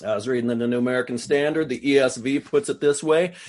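A man's voice: medium pitch, steady tone, fast, hardly any pauses, a little mellow. A man preaching a sermon, reading scripture and paraphrasing it with earnest, rising intensity. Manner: earnest, voices God's lines with rising intensity. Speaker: pastor.

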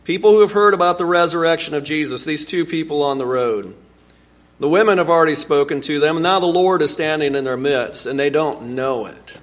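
A man preaching a sermon, earnest and animated, with sudden swings in pitch and volume. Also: fairly quick. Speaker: pastor.

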